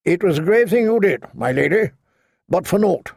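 Grave formal courtier, played by a man, raised pitch and louder, slightly gravelly. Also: animated, moderate pace, no echo, studio quality, full character voice. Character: male courtier bringing grim news.

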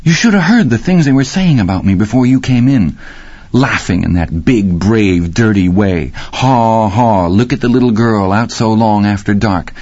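A man's voice: on the low side, lively intonation, moderate pace, darkish tone, dry recording, muffled recording, voice pushed up. A man voicing an intense young woman. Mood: bitter, eager.

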